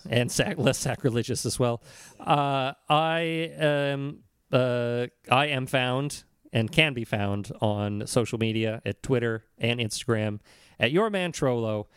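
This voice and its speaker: A man co-hosting a comedy podcast in casual chat, sarcastic and quick to swear. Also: medium pitch, clear, resonant tone, no room sound, studio quality. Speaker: podcast co-host.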